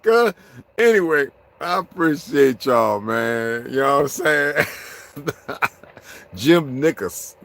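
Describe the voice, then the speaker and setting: A channel host with vocal fry keeps things loose and jokey with his viewers, laughing often and slipping into high, excited voices. There's slight background noise in the recording.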